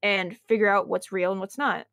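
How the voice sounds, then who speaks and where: A woman's voice: mid-range voice, fairly even intonation, normal speed, gravelly, fairly bright tone, no room sound, studio quality. A woman as a guest on a stream, talking candidly and earnestly in a casual conversation.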